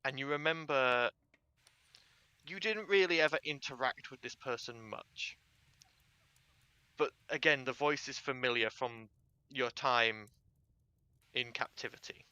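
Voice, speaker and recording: A man's voice: medium pitch, unhurried, pauses often, bright, forceful tone, clear, resonant tone, no echo, highs cut off. A man narrating as game master of a tabletop game, descriptive and chatty. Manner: descriptive, uses fillers.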